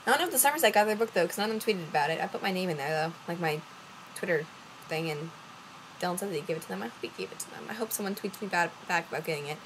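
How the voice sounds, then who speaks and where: A young woman from Louisiana with a lowish voice talks very fast to her camera over background noise. In this casual storytelling vlog she rambles through a long story, using lots of fillers and acting out what other people said.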